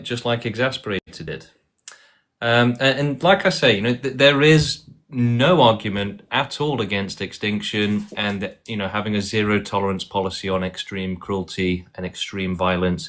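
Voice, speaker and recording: A man's voice: medium pitch, fairly bright tone. Dismissive man in his thirties. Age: 30s. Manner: dismissive, repetitive, frequent fillers and restarts. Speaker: livestream debate host. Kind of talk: casual debate livestream.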